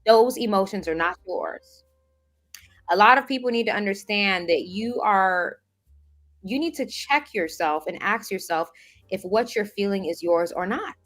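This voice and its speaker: A woman's voice: mid-range voice, lively intonation, normal speed, fairly bright tone. A woman giving a spiritual motivational talk, addressing listeners in an emphatic, preacher-like way with streetwise directness and chanted repetitions. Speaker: spiritual life coach.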